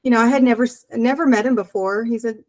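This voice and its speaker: Woman, interview guest, earnest storyteller who acts out dialogue, voice on the higher side. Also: fast talker, darkish tone, rough recording. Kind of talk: personal storytelling.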